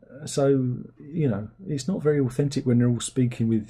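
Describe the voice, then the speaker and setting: A man with a very dark, mellow and husky voice hosts a casual film review. He rambles sardonically through viewer comments and jumps into incredulous, high-pitched disbelief. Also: a little fast. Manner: rambling, sardonic, breaks into incredulous squeaky outbursts.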